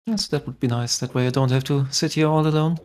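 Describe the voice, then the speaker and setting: A man doing relaxed, chatty live commentary on a game tournament, greeting viewers in chat. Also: medium pitch, fast.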